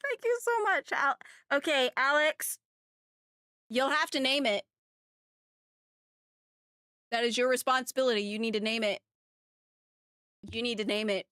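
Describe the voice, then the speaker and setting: A young woman streaming a game, excitable and gushing as she thanks her chat. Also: a little high, measured pace, pauses often, clear, resonant tone, dry recording, clean studio sound. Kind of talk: casual live-stream chat.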